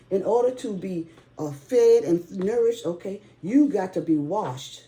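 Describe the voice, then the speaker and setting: A woman's voice: medium pitch, animated, moderate pace, few pauses, warm tone. A woman, preaching on a prayer call and singing hymn lines, near tears at times, in short bursts with many "okay?".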